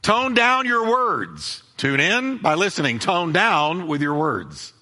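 High, lively pastor preaching in a reverberant hall. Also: male voice, slow pace. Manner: emphatic preaching with repeated phrases and acted-out dialogue. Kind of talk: sermon.

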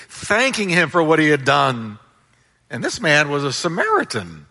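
A man's voice: fairly high pitch, big pitch swings, unhurried, bright, forceful tone, in a large hall. A man preaching a sermon as pastor, with emphatic delivery and call-and-response with his congregation.

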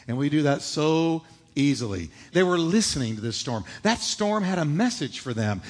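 A man's voice: high-pitched, fairly bright tone. A man preaching a sermon, emphatic, asking rhetorical questions and answering them himself. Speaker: pastor. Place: church sanctuary. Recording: reverberant hall.

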